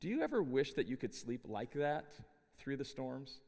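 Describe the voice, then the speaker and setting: A middle-aged man giving a chapel sermon, telling stories with an animated, humorous delivery. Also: medium pitch, normal speed, long reverb tail. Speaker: chapel speaker. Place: university chapel.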